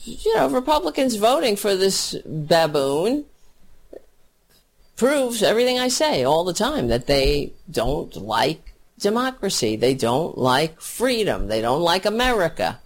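Slow, scornful woman ranting. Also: sits low. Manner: angry, scornful, insulting; halting, repeats words. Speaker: political commentator. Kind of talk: ranting political commentary.

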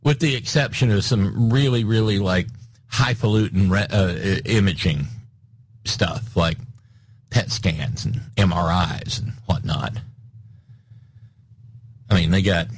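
A man's voice: deep voice, measured pace, long pauses, breathy edge, dry recording. A man hosting a talk show, giving casual, sardonic political commentary and reading listener messages in a rambling way. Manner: sardonic, rambling, with frequent filler restarts.

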